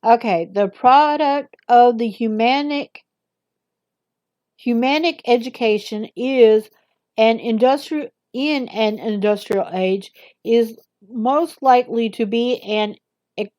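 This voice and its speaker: A woman reading a text aloud slowly, stumbling over words and breaking off for quick casual asides. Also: a little high, a little mellow, dry recording, muffled recording. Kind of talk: halting read-aloud with asides.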